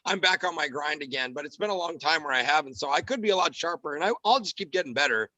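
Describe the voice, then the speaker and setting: A man talking quickly and with animation in a casual podcast chat, a comedian and radio host. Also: fairly high pitch, no room sound, rough recording. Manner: animated, quick, drops into character voices.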